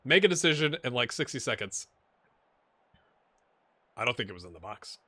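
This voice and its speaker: A man casually commentating his own football video game, excitable and wry, jumping from loud cheering to quiet muttering. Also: mid-range voice, normal speed, dry recording. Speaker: gaming channel host.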